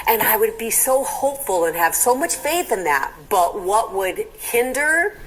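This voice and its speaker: Slow, earnest older woman. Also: a little high, very animated, rough recording. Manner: earnest and prayerful. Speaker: interviewee, mother. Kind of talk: personal testimony.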